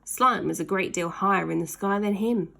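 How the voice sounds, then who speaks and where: Reading a children's story aloud, a woman takes an expressive, dramatic storytelling approach. She has a medium-pitched voice with vocal fry and keeps a moderate pace.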